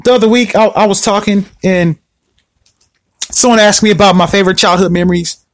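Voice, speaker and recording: A man rants alone into his podcast mic, his voice sitting high. He talks in an animated, confrontational way and keeps repeating himself. The sound is dry and close, with no room around it. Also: fairly quick, no echo. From Southern California. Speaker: podcast host. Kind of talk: solo podcast rant.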